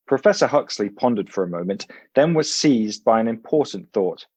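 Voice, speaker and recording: A male author reading his book aloud, then chatting in a relaxed way as a podcast guest. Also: on the low side, moderate pace, hardly any pauses, husky, dry recording. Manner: relaxed and expressive, some uh fillers.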